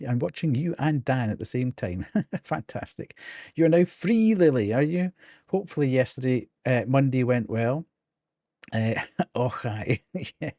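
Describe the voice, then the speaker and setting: A man's voice: medium pitch, lively intonation, a little slow, mellow, no room sound, clean studio sound. A middle-aged man with a Geordie accent, chatting casually on a live game stream, laughing often between ums and restarts.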